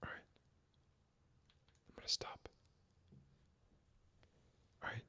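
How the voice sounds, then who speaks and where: A live-stream host reads a classic story in a formal, put-on Mid-Atlantic voice, then breaks off to chat casually. His voice is low-pitched, a little slow, gravelly and a little mellow with a breathy edge.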